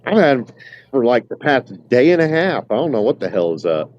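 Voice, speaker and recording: In a casual podcast chat, a male co-host jokes around in a laid-back way, often hesitating with filler words. His mid-range voice swings widely in pitch and moves briskly, with a darkish tone on a dry, lo-fi recording.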